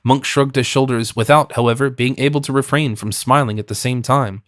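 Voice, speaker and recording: A man's voice: mid-range voice, steady tone, fairly quick, hardly any pauses, a bit bright, no room sound, clean studio sound. Man narrating a classic audiobook. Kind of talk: scripted narration of a classic novel.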